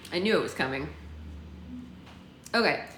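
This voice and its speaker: Lowish voiced woman chatting on a phone livestream, lots of um and like, roomy echo. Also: a bit bright. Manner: chatty, many fillers, answers viewers by name. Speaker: book club host. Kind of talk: casual livestream chat. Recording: roomy with faint background noise.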